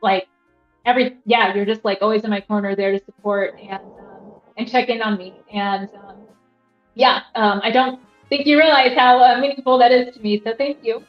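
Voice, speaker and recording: A woman's voice: fairly high pitch, steady tone, moderate pace, soft background music. A young woman hosting a casual livestream, rambling with lots of fillers and reading chat aloud from a rented apartment. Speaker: livestream host. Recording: roomy, slightly dull sound.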